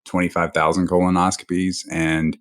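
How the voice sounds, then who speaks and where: A man's voice: deep voice, little pitch movement, moderate pace. A middle-aged man, a doctor guest on a podcast, explaining things in a reassuring, hesitant way with many fillers. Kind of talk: casual podcast interview.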